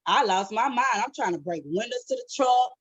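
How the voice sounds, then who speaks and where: Woman on a chat podcast, kinda high voice, cussing, blunt, acts out what ppl say, dry sound. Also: fairly quick, breathy edge, dry recording, lo-fi sound. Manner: blunt, profane, animated storytelling. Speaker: podcast co-host. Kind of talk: casual chat.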